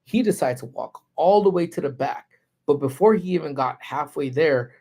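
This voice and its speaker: A man's voice: a little high, moderate pace. Laid-back man telling stories on livestream. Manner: animated, laid-back slangy talk. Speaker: livestream host. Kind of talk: casual storytelling. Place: parked car.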